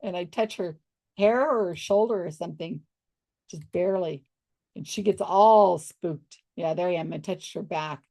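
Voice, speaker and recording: A woman's voice: lowish voice, moderate pace, dark tone. An older woman telling stories casually at home, chatty and laughing often as she acts out people's reactions. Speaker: storyteller showing old photos. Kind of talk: casual storytelling to camera.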